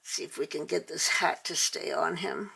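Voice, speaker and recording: A woman's voice: low voice, normal speed, vocal fry, sharp tone, husky. An older woman hosting a casual toy unboxing, chatty and gushing, with many fillers. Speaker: toy channel host.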